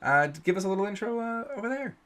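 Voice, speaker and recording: A man's voice: high-pitched, animated, quick pace, pushed and bright. A Canadian man hosting a tabletop game as game master, talking in a chatty, rambling way with lots of restarts.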